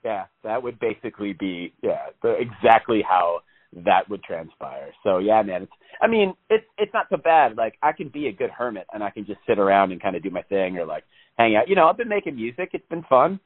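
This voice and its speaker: A man's voice: on the low side, big pitch swings, fairly quick. Rambling, laughing man on a tinny line. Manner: rambling, laughing often, swearing. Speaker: podcast co-host. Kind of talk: casual chat.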